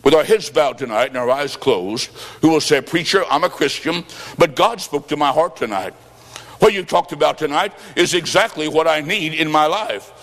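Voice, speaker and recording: Fervent high-voiced preacher in a reverberant hall. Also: male voice, lively intonation, moderate pace. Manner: fervent, shouting at peaks, acts out quotes. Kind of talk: revival sermon with storytelling.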